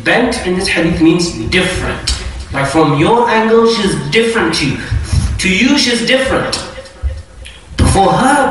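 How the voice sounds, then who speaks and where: A man giving a lively religious lecture to an audience, often acting out quotes. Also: high voice. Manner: lively, animated explaining with acted-out quotes. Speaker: Islamic lecturer. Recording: very echoey hall, voice from a distance.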